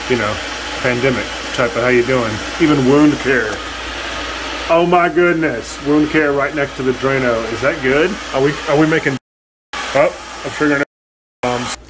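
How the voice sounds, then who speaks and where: At home indoors, a male vlogger films a casual video, rambling and swearing as he addresses the viewer. His medium-pitched voice comes through poor audio with a slight hiss or hum.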